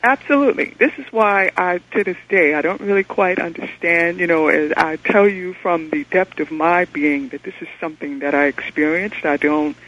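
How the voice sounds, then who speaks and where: A man from New York City calling into a radio show, earnestly and excitedly telling a personal story over a dull telephone line. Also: on the high side, moderate pace, hardly any pauses, slight background noise. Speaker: caller.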